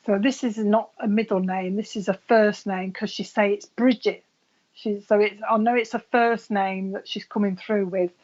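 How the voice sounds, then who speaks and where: A woman's voice: mid-range voice, fairly even intonation, normal speed, a little mellow, lo-fi sound. A woman working as a psychic medium, giving a live reading in a chatty way with frequent laughs.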